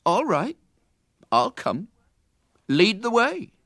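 A man voicing a deluded red-headed man who speaks slowly and majestically. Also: sits high, no echo, studio quality, pitched above the performer's own voice, lightly acted. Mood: majestic. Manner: slow, majestic.

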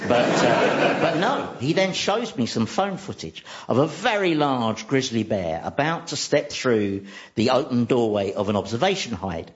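A man's voice: medium pitch, very animated, unhurried, highs cut off. A man giving a dry, self-mocking comic monologue. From central London. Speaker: comedian.

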